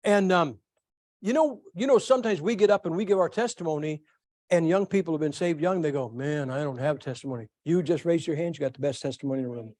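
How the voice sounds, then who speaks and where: A middle-aged male pastor preaching a sermon, telling folksy stories with lively asides to his congregation. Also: a little high, fast talker, no echo. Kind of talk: sermon with storytelling.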